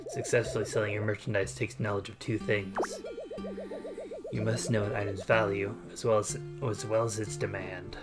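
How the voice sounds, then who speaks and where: Very deep growly old man, lecturing, grumpy mentor, as a woman puts him on, game music behind. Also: little pitch movement, moderate pace. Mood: scolding. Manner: stern, lecturing reading of game text. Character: gruff scolding old male shopkeeper mentor.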